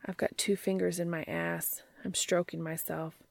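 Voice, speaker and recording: A brash, eager man talks in a hushed, urgent voice, as a woman reader puts him on. The voice is low and gravelly with creaky fry, recorded close and dry. Read for an amateur audiobook. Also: level tone, moderate pace, no room sound.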